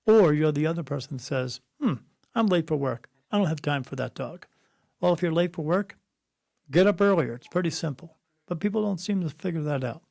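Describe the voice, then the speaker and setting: A man's voice: on the high side, animated, a little fast, vocal fry, a little mellow, no room sound, studio quality. A middle-aged man, a spirit medium being interviewed, telling stories bluntly and preachily and acting out the voices of people he quotes. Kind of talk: conversational interview, storytelling.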